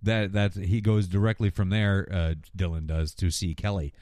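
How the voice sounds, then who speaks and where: A man's voice: deep voice, dry recording. A man hosting a podcast, recapping TV episodes in casual chat and acting out the characters' lines. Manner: animated, acting out every character with quick voice switches. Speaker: podcast host.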